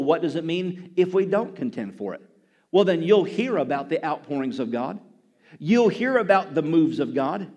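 A man preaching a sermon as pastor, telling a story and building to loud, impassioned exclamations. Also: fairly high pitch.

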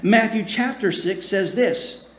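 A man preaching a sermon as a pastor. He calls on the congregation to respond and swings between loud emphasis and soft, slow passages. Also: sits high. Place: church sanctuary. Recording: echoey room.

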